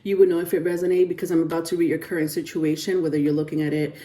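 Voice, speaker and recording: A woman's voice: low-pitched, little pitch movement, very fast, warm tone. A woman giving a casual tarot reading to camera, chatty and rambling with lots of fillers and restarts, often breaking into giggles. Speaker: tarot reader.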